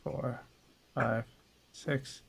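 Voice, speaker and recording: A man's voice: mid-range voice, steady tone, extremely slow, creaky, husky. A man playing in a tabletop game, counting out dice and asking rule questions. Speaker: player. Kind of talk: casual tabletop play.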